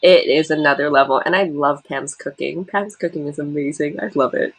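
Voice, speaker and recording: A woman's voice: sits low, normal speed, breathy edge. A woman hosting a casual livestream, chatting in a bubbly, giggly way. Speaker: livestream host.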